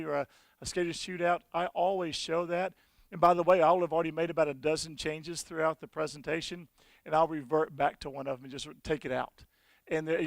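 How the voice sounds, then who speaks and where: A man presenting at a conference and demoing software, telling folksy stories with frequent restarts. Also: a little high, vocal fry, dry recording. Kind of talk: conference talk with software demo.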